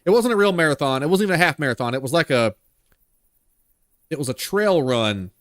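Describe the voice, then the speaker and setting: A man's voice: on the high side, animated, a little fast, fairly bright tone, no room sound, clean studio sound. A man hosting a live horror game stream. He talks casually, rambles, jokes and laughs a lot.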